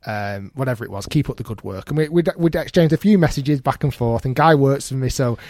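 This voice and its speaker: A man's voice: mid-range voice, brisk, no echo. Male podcast host, dry sound. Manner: animated storyteller, acts out quotes. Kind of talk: casual chat.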